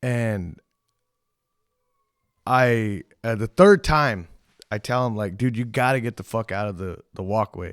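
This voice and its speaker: A young man hosting a podcast, telling a story in a rambling, profane, animated way and quoting the people in it. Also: fairly low pitch, unhurried, long pauses, clean tone, dry recording, clean studio sound. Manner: rambling, profane, animated retelling with quoted voices. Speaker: podcast host. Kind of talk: casual storytelling.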